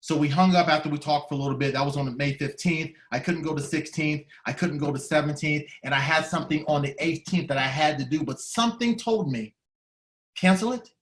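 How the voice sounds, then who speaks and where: A man giving an emotional storytelling speech, heartfelt and dramatic, shifting between loud and hushed. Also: fairly high pitch, brisk, echoey room. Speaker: speaker at a staff training day.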